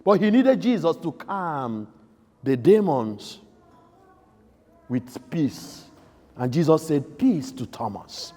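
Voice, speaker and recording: A man preaching a sermon as priest in a church, emphatic, swinging between loud outbursts and soft, quiet lines. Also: a little high, big pitch swings, slow, pauses often. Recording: echoey church hall.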